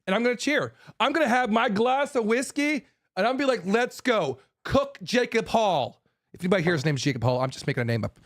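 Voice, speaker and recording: A man with a fairly high voice rants in a heated monologue. He talks bluntly and profanely, hammers on repeated phrases, and stumbles into restarts as he gets more fired up. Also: animated, racing. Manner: fired up, forceful. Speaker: host.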